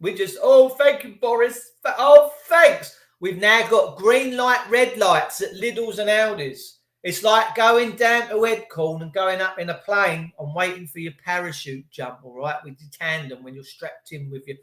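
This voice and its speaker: A man's voice: high voice, normal speed, few pauses, pushed and bright, echoey room. A man ranting on a livestream, swearing and mocking people in put-on voices. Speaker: livestream ranter. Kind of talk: angry livestream rant.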